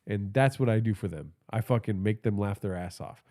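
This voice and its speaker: A man's voice: fairly low pitch, a little fast, dark tone. Profane, rambling man on a livestream. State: stuffy nose. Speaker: podcast host. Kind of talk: casual livestream storytelling. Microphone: phone held in hand.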